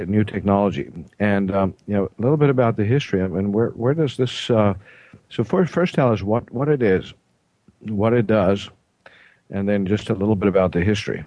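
A South African man hosting a studio talk show, hesitant, with frequent throat clearing and fillers. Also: lowish voice, moderate pace, a little mellow, no echo. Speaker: host. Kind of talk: casual radio talk show.

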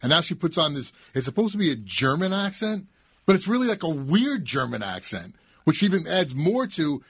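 A man's voice: a little high, big pitch swings, moderate pace, husky, no room sound, clean studio sound. A man from the radio control room chatting casually with the host. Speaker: studio crew member. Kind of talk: casual chat.

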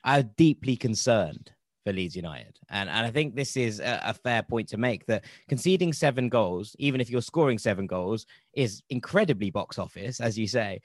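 A man's voice: on the low side, lively intonation, normal speed, no room sound, studio quality. A man hosting a casual football podcast, rambling and wry, correcting himself as he goes. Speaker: podcast host.

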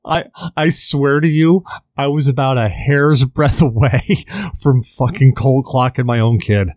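A man's voice: mid-range voice, steady tone, a little slow, darkish tone, dry recording, clean studio sound. A man in his thirties telling a long anecdote on a podcast, casual and profane, full of fillers and restarts. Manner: rambling, filler-heavy, profane. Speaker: podcast host. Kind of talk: casual storytelling.

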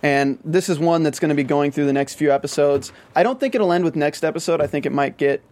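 A man's voice: on the high side, fast, darkish tone. A man from the American South chatting casually about a TV show, rambling with many restarts and fillers. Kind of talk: casual TV recap chat.

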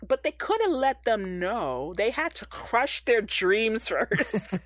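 A woman's voice: fairly high pitch, very animated, slow, no echo. A woman co-hosting a casual chat, recapping an episode with slang and frequent laughs. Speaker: podcast co-host.

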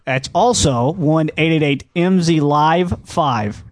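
A man's voice: on the high side, a little slow, few pauses, no echo. A young man hosting a casual radio show, bantering and joking with his co-host.

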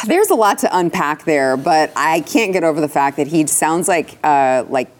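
A woman's voice: low-pitched, lively intonation. A woman hosting a casual political talk show, indignant and rattling off complaints. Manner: indignant, rapid-fire lists of complaints. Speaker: host.

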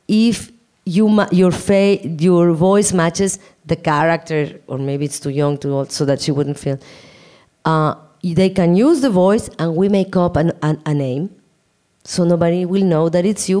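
Animated woman telling a story. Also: on the low side, normal speed. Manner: animated, laughing, acts out quoted dialogue. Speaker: guest answering questions. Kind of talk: casual storytelling and Q&A.

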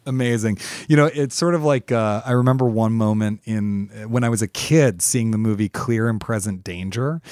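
Guy cohosting a podcast, lowish voice, lots of uhs and likes, dead dry sound. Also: normal speed, hardly any pauses, no echo. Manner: animated, thoughtful, many fillers. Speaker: podcast co-host. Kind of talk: casual conversational chat.

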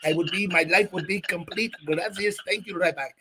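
A man's voice: high voice, normal speed, sharp tone, a little hiss or hum, pitched above the performer's own voice, low-quality recording. A man voicing a whiny, pleading adult male fan who begs in a sing-song way.

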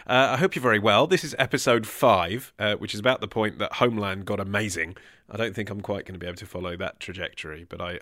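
A man's voice: fairly low pitch, a bit bright, no echo, clean studio sound. An English man hosting a podcast in casual chat, wry and self-deprecating, slightly out of breath. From England. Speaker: podcast host.

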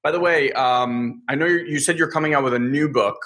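A man's voice: medium pitch, brisk, fairly bright tone. A man hosting an interview, talking casually with frequent filler words. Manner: chatty, many "like" fillers. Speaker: podcast host.

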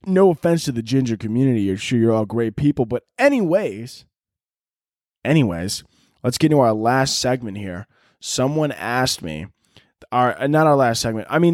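A man's voice: medium pitch, darkish tone, dry recording, clean studio sound. A young man hosting a solo podcast, rambling and joking crudely in casual chat. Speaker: podcast host.

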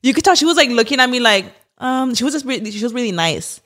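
A woman in her late twenties, co-hosting a podcast, telling a story in animated, profanity-laden casual chat with the odd Spanish word. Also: on the high side, fast. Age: late 20s. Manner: animated storytelling, heavy swearing, code-switches Spanish words. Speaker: podcast co-host.

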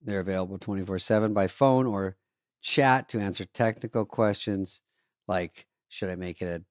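A man's voice: low voice, normal speed, dry recording. A man co-hosting a podcast, telling anecdotes wryly, sarcastically imitating the people he quotes, and reading ads. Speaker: podcast co-host. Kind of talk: casual chat and host-read ad. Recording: dry close mic.

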